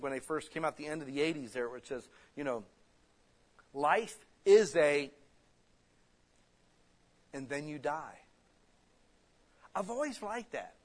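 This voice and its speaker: Animated, higher-voiced male preacher. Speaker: pastor. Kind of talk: sermon.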